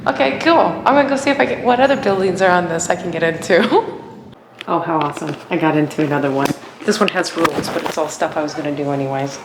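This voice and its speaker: A woman talking casually to camera as a travel vlogger, chatty and easily excited, thinking out loud as she goes. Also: low voice, fast, noisy background. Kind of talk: casual vlog chat to camera.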